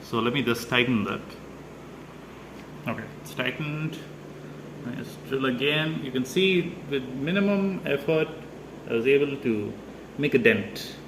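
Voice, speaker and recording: Man, mid-pitch, hesitant DIY vlogger narrating as he works, noisy home recording. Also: a little slow, pauses often. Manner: hesitant, many "uh" fillers, explains step by step. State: slightly out of breath. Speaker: DIY video maker. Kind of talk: casual how-to narration while working.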